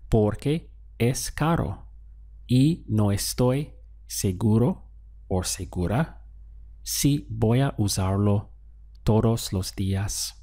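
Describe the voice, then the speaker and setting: A man teaching a language lesson, calmly prompting the listener and pausing for their answers. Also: fairly low pitch. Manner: slow, patient prompting with pauses for answers. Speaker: Spanish teacher.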